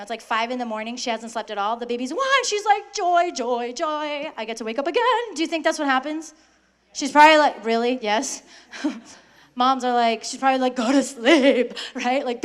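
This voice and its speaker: High-voiced woman giving a lively faith talk. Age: young adult. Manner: lively, acts out quoted voices, asks the audience questions. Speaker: guest speaker to high school students.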